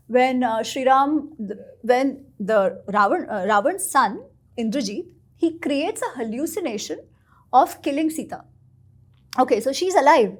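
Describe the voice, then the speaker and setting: Animated high-voiced woman. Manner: animated, expressive storytelling. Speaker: guest author. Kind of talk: storytelling in a podcast interview.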